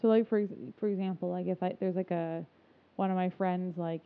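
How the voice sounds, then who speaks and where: A woman's voice: fairly low pitch, steady tone, brisk. A woman co-hosting a podcast, chatting casually with lots of "like" fillers. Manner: chatty, filler-heavy, laughs often. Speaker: podcast co-host. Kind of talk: casual chat. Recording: tinny phone-like sound.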